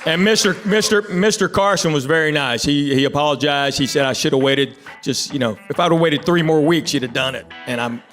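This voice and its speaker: A man's voice: fairly high pitch, fairly quick, hardly any pauses, fairly bright tone, faint music behind. A man from Tennessee, performing a stand-up comedy set and joking casually with the crowd on a theater stage. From Tennessee, USA.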